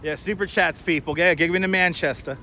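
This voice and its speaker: Through a wireless clip-on mic, a man chats his way along city streets on a casual live stream, rambling and reading out viewer comments. He talks fairly quickly in a high, bright, forceful voice, with a little hiss or hum.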